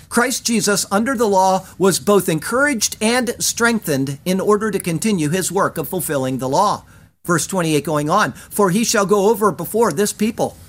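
A Bible teacher giving scripted verse-by-verse commentary, reading in a measured way and stressing key phrases. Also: mid-range voice.

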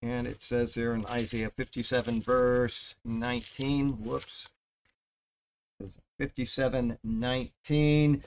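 A man's voice: medium pitch, flat delivery, slow. Man teaching a casual Bible study sermon. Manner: conversational, reads scripture aloud with emphatic rises; jokes with listeners between verses. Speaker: pastor.

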